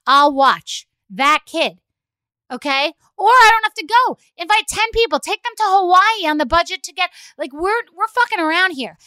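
A woman's voice: very high-pitched, animated, moderate pace, bright, forceful tone, dry recording. A middle-aged woman hosting a podcast, telling a rambling, profane, exasperated story full of "like"s. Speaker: podcast host. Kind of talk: solo comedic rant.

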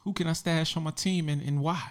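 A man's voice: a little high, steady tone, brisk. A man hosting a casual sports podcast, laid-back and bantering. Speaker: podcast host.

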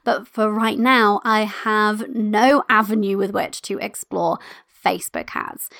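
A woman in her thirties hosting a solo podcast, talking in a chatty, animated way and laughing often. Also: medium pitch, dry recording, clean studio sound. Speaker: podcast host.

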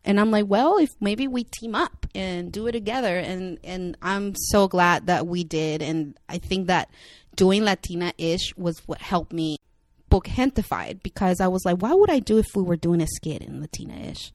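A woman's voice: on the low side, normal speed, few pauses, no room sound, clean studio sound. A young woman with a Spanish accent, chatting candidly as an interview guest with lots of filler words. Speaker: actress and writer guest. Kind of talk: casual interview talk.

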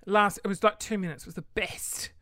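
A young woman telling a story in a casual vlog, animated, swearing freely and laughing often. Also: medium pitch, fairly quick, no room sound, studio quality. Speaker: vlogger.

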